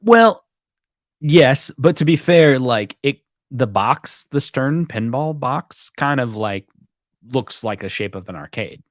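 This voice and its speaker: A man's voice: medium pitch, animated, slow pace, dry recording, studio quality. A man hosting a casual late-night chat, telling a long rambling anecdote and acting out both sides of the conversation. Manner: rambling storyteller, acts out quoted exchanges. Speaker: host.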